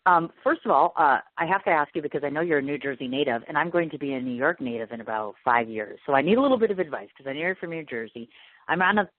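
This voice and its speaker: A Midwestern woman hosts a radio interview show, bubbly, gushing and self-deprecating in casual chat. Her low voice moves fast with lively intonation; there's no room sound, but the audio has a tinny phone-line radio quality.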